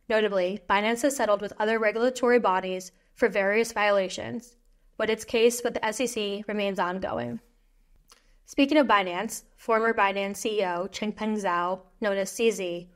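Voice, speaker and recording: Steady woman reading crypto news. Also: mid-range voice. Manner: steady, even newsreader delivery. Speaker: news reader. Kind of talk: scripted news narration.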